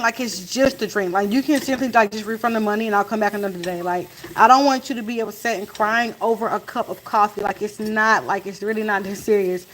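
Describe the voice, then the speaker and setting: A woman in a casual storytime chat, retelling events in an animated way and acting out what was said, while cooking in her home kitchen. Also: mid-range voice, brisk, a little hiss or hum, rough recording. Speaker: family vlogger. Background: faint sizzle of frying food.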